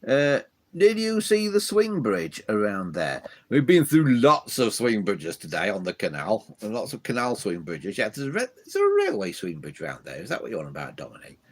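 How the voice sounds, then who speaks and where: A man's voice: fairly low pitch, wildly swooping pitch, normal speed. A man hosting a live stream from his loft, rambling chattily as he reads out viewer comments. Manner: rambling, chatty, many fillers and restarts. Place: home loft full of old telephones.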